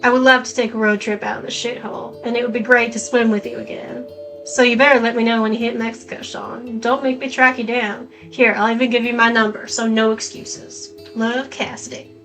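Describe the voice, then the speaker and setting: A woman voicing a young female drifter reading her letter aloud in a put-on Southern US accent, halting as she reads. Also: fairly high pitch, flat delivery, a bit bright, faint music behind, poor audio. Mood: affectionate.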